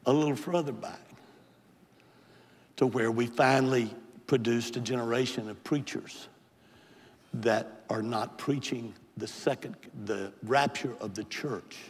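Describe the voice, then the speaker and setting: A bishop, an older man, preaches a Pentecostal sermon and altar call at a slow pace, pausing often, his medium-pitched voice carrying a breathy edge. He pleads with growing passion until he's hollering. The large sanctuary gives the sound a long, echoing reverb.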